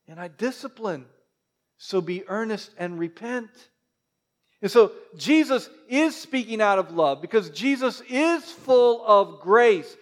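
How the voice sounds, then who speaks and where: A man preaching a sermon as pastor, lively, with joking asides to the congregation. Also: high voice.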